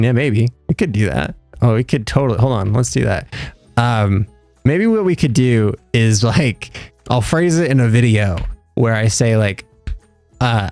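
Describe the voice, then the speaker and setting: Gravelly-voiced young male streamer. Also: mid-range voice, darkish tone, no room sound. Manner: rambling, joking with chat, self-mocking. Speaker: livestreamer. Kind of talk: casual live gameplay chat.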